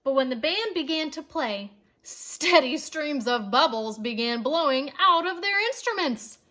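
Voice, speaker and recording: A woman reads a children's chapter book aloud in a high, bright voice. She takes her time and tells it playfully and expressively, turning now and then to ask her young listeners questions. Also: lively intonation, a little slow. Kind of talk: storybook read-aloud for children.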